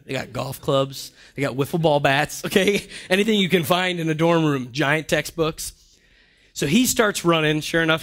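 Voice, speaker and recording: A young adult man preaching a sermon, telling stories with animation and dropping to a hushed voice for serious points. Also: fairly high pitch. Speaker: pastor.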